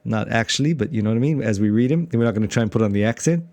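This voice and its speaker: A man's voice: mid-range voice, animated, very fast, a little mellow, dry recording. A man with a South African accent hosting a casual theology podcast, rambling through his thoughts with fillers and restarts. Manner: rambling, many restarts and fillers, laughs easily. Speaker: podcast host and pastor.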